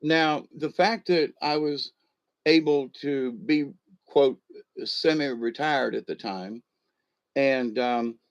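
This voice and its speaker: A man, chuckling as he tells a rambling personal story full of ums and uhs. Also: mid-range voice. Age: 60s. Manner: rambling, chuckling, with many fillers.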